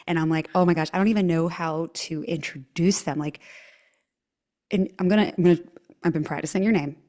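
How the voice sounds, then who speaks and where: A woman's voice: lowish voice, fairly even intonation, fairly quick, mellow. A woman with a Southern US twang, hosting a casual interview in a bubbly, gushing way. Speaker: podcast host.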